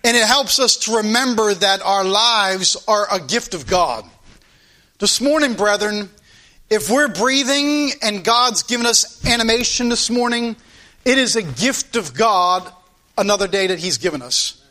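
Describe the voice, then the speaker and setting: High-pitched, bright-voiced fervent preacher man. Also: lively intonation. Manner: fervent preaching with repeated phrases and drawn-out emphasis. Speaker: pastor. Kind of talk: sermon.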